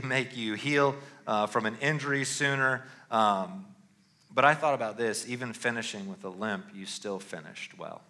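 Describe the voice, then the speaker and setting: A middle-aged man preaches with a bright, forward tone. He talks casually to the congregation, stopping often to ask "all right?" The pitch sits in a typical male range. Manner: conversational, punctuates with "all right?". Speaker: pastor. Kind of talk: sermon.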